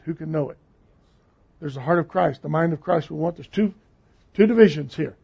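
Gravelly older male preacher. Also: a little high, mellow. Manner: emphatic, repeating key words. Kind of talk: sermon. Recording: dull lo-fi sound.

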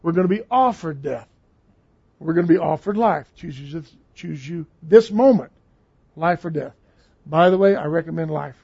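A man's voice: on the high side, animated, moderate pace, vocal fry, darkish tone, slightly rough. A man preaching a sermon in a conversational, emphatic way, repeating phrases for stress. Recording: dull lo-fi recording.

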